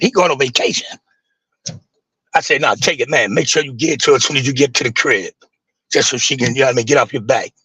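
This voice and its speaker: A man hosting a livestream, telling an emotional personal story in heavy street slang, halting and repeating himself as he grieves. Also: mid-range voice, pushed and bright, slightly rough, no room sound, low-quality recording. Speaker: livestream host.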